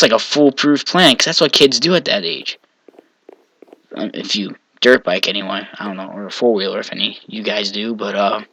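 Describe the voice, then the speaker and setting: A man's voice: medium pitch, bright, forceful tone, no echo, rough recording. A young man from Maine telling personal stories in a casual, rambling way, often correcting himself and chuckling between lines. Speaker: vlogger. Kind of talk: casual storytelling.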